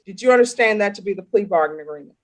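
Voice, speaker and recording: A woman's voice: medium pitch, lively intonation, rapid-fire, rough recording. A woman judge conducting a formal court hearing over video, firm and corrective in manner.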